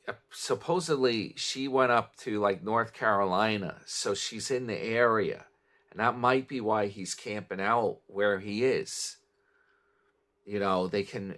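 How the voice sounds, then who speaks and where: A vlogger from New York chats casually through a meandering morning vlog, trailing off and starting over. His voice is lowish with a fairly bright tone.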